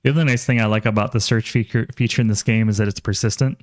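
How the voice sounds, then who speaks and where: A man's voice: fairly low pitch, fairly even intonation, fast, no echo, studio quality. A man casually commentating on a game while streaming, chatty, thinking aloud and reading chat aloud.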